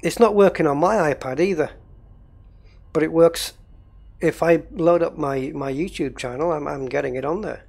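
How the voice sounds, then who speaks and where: A man's voice: fairly high pitch, moderate pace, vocal fry, a little mellow. A man running a gaming livestream, rambling casually and thinking aloud while he troubleshoots.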